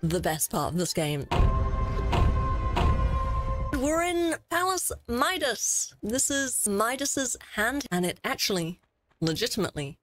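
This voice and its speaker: A woman streamer giving loud, excitable commentary while playing a game, swearing freely. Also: fairly high pitch. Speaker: gaming streamer. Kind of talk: live let's-play commentary.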